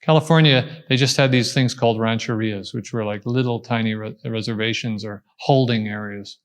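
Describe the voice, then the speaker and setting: Guy answering a question after a talk, thinks out loud, lots of pauses, average pitch. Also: fairly even intonation. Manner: thoughtful, explaining step by step with frequent pauses and restarts. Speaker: invited speaker answering audience questions. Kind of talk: unscripted explanatory answer at a talk.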